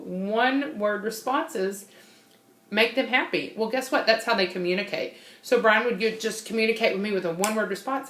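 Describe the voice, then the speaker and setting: A woman's voice: medium pitch, animated, moderate pace, fairly bright tone, echoey room. A woman giving an informal, bubbly personality-type training talk, laughing often and unable to sit still.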